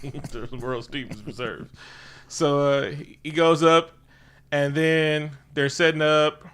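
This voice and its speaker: A man, co-hosting a casual movie review and retelling scenes with lively quoted voices. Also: a little high, slow pace, a little hiss or hum. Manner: animated retelling with acted quotes of characters. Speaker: podcast co-host.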